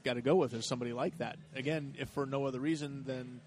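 Flat-voiced man making his case. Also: medium pitch, fast talker. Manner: arguing his points. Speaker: podcast co-host. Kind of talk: casual chat.

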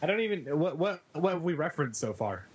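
A man's voice: fairly high pitch, very animated, slightly rough. A man from California co-hosting a podcast, joking and teasing in casual chat. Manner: joking, quick to tease.

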